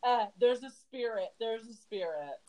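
A woman's voice: a little high, animated, measured pace, dark tone, rough recording. A woman co-hosting a podcast, bantering and teasing her friend with frequent laughs. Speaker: podcast co-host. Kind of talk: casual chat.

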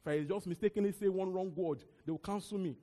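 A young man with a Nigerian accent preaching a sermon, talking in an animated, conversational way with repeated words and asides. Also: sits high, quick pace. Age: young adult. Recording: long hall reverb.

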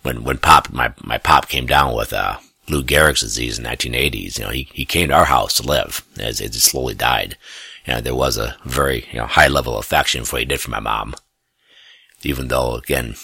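Very deep gravelly man. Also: a little fast, sharp tone, no room sound, clean studio sound. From US Midwest. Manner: rambling, self-correcting, chuckles often. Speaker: storyteller. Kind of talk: casual personal storytelling.

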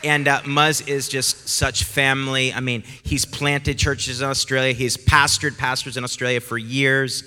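A man's voice: mid-range voice, little pitch movement, unhurried, hardly any pauses, smooth. A man hosting a church service, introducing the guest speaker in a casual, repeating way. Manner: warm, casual, repeats words. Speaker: church host. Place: church hall. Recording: long hall reverb with faint music.

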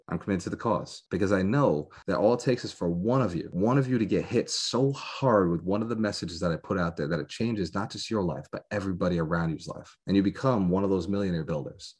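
A man giving a fervent motivational sales pitch to a live audience as a business coach, rallying listeners with repeated emphasis. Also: a little mellow, breathy edge.

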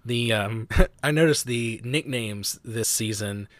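A young man, co-hosting a podcast and telling stories in a chatty, animated way. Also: mid-range voice, slow, no echo. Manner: chatty storyteller, animated quotes, frequent "like". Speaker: podcast host. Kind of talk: casual chat.

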